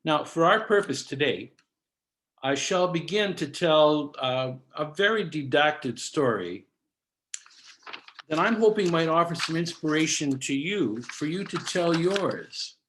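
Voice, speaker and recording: A man in his seventies from Canada, a cantorial soloist giving a measured, didactic storytelling talk over a video call, sprinkling in Yiddish words. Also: a little high, lively intonation, a bit bright, a little hiss or hum.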